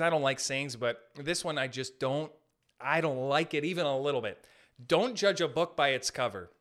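Animated high-voiced man ranting for laughs. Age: late 20s. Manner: animated, jokey, laughs at own jokes. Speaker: podcast host. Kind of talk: comedic solo podcast rant.

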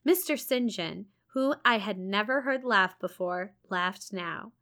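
Bright-voiced woman reading a novel aloud. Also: mid-range voice, measured pace. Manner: expressive, with casual amused asides. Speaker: reader.

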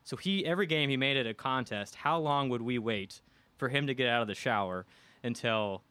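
A man from the Midwest spins a casual story for a podcast, slipping into the voices of the people he quotes. His voice sits at an ordinary middle pitch, close and dry with no room sound around it. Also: brisk, bright, forceful tone, smooth, dry recording. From American Midwest. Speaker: guest storyteller. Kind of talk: casual anecdote telling on a podcast.

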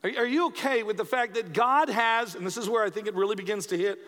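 A man's voice: high-pitched, quick pace, fairly bright tone. A male pastor preaching a sermon in an emphatic, conversational way, often repeating words for stress. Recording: long reverb of a church hall.

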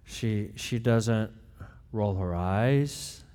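A middle-aged man co-hosting, talking in a deliberate way with halting restarts. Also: fairly low pitch, mellow, big-room sound. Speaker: co-host, husband. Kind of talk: casual chat.

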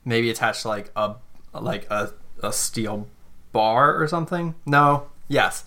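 A man's voice: medium pitch, unhurried, bright, forceful tone. A man narrating as game master, hesitant and full of fillers as he describes the scene. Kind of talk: casual tabletop role-play narration.

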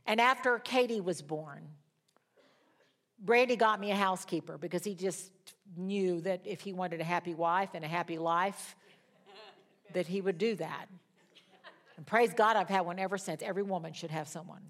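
A woman's voice: fairly low pitch, normal speed, long pauses. An older woman teaching a Bible study in a sermon style, telling stories animatedly, laughing along, and acting out the voices of the people she quotes. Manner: animated storyteller who acts out quoted voices.

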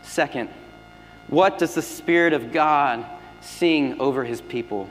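A man preaching a sermon as pastor, swinging between loud emphatic lines and hushed, near-whispered ones. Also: mid-range voice, measured pace. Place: church sanctuary. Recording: long hall reverb with faint music.

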